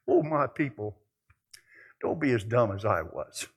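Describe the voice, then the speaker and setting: An older man preaching a sermon, telling folksy stories and moving between quiet musing and loud exclaiming. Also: mid-range voice, very animated, a little slow, gravelly, husky. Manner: folksy storytelling.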